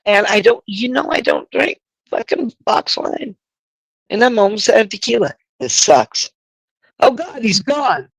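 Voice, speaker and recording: A woman hosts a casual livestream, rambling and swearing as she goes. She talks slowly, taking her time. Her voice sounds dry and close. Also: medium pitch, animated, husky, no room sound, poor audio. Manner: profane and rambling. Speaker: livestream host.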